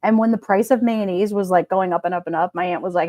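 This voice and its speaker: A woman's voice: mid-range voice, quick pace, few pauses, no room sound. A chatty woman hosts a casual livestream and talks back to viewer comments. She laughs easily and fills her talk with "like" and "you know." Her voice sits mid-range and is recorded dry and close. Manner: chatty and animated, laughs often, many "like"s. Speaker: livestream host. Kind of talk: casual chat reading live comments.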